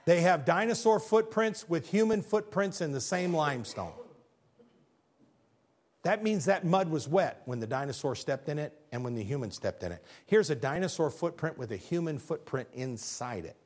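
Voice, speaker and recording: Male speaker, emphatic faith talk with slides, very animated pitch, rhetorical questions. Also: moderate pace.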